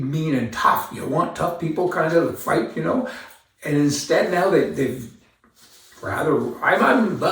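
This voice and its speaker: A man with a gravelly, slightly high voice delivers a rambling, indignant commentary in a folksy manner. He sounds some way from the mic in a very echoey room. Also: a bit bright, far from the mic. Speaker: commentary host. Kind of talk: opinion commentary monologue.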